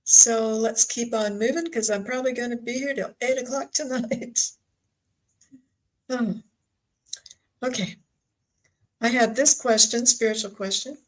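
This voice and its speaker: A woman hosting a live spiritual channelling stream, soft and emotional, asking her guides questions. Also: on the high side, steady tone, unhurried, long pauses, poor audio. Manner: soft, emotional, openly still learning. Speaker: spiritual medium and stream host.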